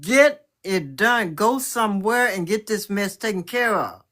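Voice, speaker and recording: A woman's voice: mid-range voice, lively intonation, unhurried, a bit bright. A woman, calling in to a livestream and scolding firmly in a motherly way. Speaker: caller on a livestream. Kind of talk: casual chat.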